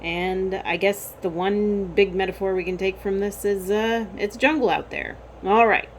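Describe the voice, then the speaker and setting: A woman's voice: medium pitch, steady tone, a little slow. A woman vlogging casually while walking down a city street on her phone, musing in a rambling, wry way. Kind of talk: casual vlog chat. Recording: loud street traffic noise.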